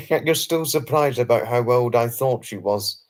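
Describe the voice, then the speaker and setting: A man's voice: mid-range voice, unhurried. Earnest man hosting a live chat stream. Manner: effusive, formal phrasing, repeats himself; apologetic and earnest. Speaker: livestream host. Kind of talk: late-night live stream, answering viewer chat.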